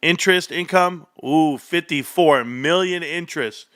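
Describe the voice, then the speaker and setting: A man hosting a livestream, reading through financial numbers with loud, excitable exclamations to his viewers. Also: a little high, moderate pace. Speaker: stock streamer.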